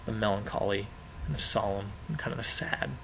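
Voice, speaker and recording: A man's voice: fairly low pitch, flat delivery, brisk, vocal fry, fairly bright tone, a little hiss or hum, rough recording. A man teaching a lesson in an informal, conversational way, repeating key phrases with frequent fillers. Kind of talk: informal classroom explanation.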